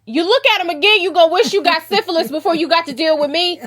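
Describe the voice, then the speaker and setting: A bold, sassy young woman snaps back, her voice lifted high and loud. She sounds stubborn and quick-tongued, voiced by a woman retelling a novel. The delivery is casual and spoken.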